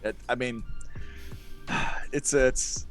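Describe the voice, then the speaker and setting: Man, middle pitch, rambling casual talk, self-deprecating, faint music behind. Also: steady tone, extremely slow. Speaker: guest player. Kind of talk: casual podcast chat.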